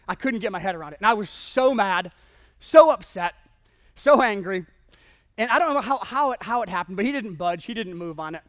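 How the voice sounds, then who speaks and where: A man preaching a sermon as an animated, self-mocking storyteller who acts out the dialogue in his stories. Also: sits high, brisk. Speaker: pastor.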